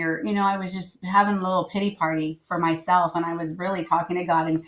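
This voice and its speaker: A woman's voice: lowish voice, little pitch movement, fast talker, hardly any pauses, poor audio. A woman guest on a podcast, telling a personal story earnestly and reflectively, with many fillers. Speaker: guest, writer and editor.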